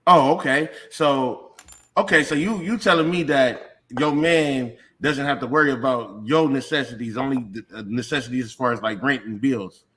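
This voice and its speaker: A man's voice: mid-range voice, moderate pace, a bit bright. A man co-hosting a talk show, arguing heatedly in casual chat, swearing often and building long emphatic points. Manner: profane, emphatic, argues in long build-ups. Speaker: podcast co-host.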